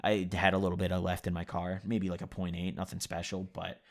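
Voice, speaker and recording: A man's voice: sits low, monotone, brisk. A young man vlogging at his computer, telling a loose, profane story in casual chat, full of "you know" and "like". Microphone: computer mic at a desk.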